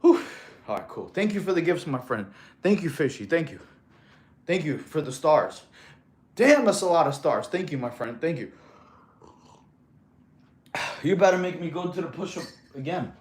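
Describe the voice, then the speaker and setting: On a fitness livestream, a man talks in a loose, slangy way, calling viewers "bro" and getting winded as he counts push-ups. His voice sits fairly high with big swings in pitch, a moderate pace, and long pauses. The room sounds echoey.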